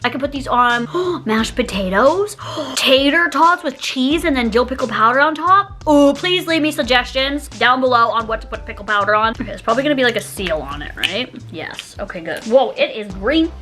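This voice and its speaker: A young woman chatting casually as she unboxes and taste-tests snacks, giggling often and gushing with excitement. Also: high voice, normal speed, faint music behind. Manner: giggly, gushing, lots of exclamations. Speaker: YouTuber taste-testing snacks.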